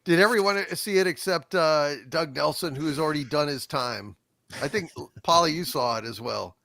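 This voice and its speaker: A man's voice: a little high, moderate pace, gravelly, bright, forceful tone, no echo. A man on a podcast panel talking casually and emphatically, with plenty of swearing. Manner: emphatic, profane.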